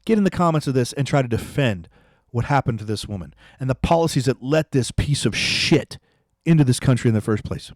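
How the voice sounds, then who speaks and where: A man's voice: medium pitch, expressive, brisk, no room sound, clean studio sound. A man hosting a political commentary, ranting angrily and repeating himself as he dares his listeners to respond. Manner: angry, ranting, repetitive, challenging viewers.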